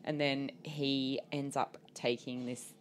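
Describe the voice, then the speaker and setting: A woman's voice: rumbling low, slow, a little hiss or hum. A woman co-hosting a podcast, telling a story in casual chat, laughing often and leaning on "like". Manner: animated storytelling, lots of "like" and laughter. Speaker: podcast co-host.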